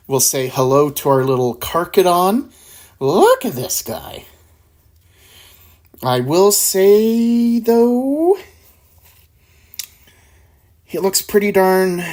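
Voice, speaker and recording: Low, slow-talking woman painting minis. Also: darkish tone. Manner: laid-back, chuckling, thinking aloud. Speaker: miniature painting channel host. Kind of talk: casual painting tutorial.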